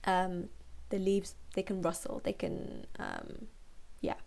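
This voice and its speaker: A woman tutor reading a children's book aloud and patiently explaining its words, with many pauses and fillers. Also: lowish voice, wildly swooping pitch, vocal fry, darkish tone.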